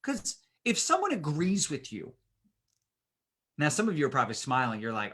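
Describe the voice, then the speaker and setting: A man coaching on leadership in a loose, talkative way, now and then acting out the people he quotes. His voice sits a bit high, swoops up and down a great deal, and has a bright, forceful edge. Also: normal speed. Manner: casual, animated, acts out voices of people he quotes. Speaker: business coach leading a training session. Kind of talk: motivational leadership talk.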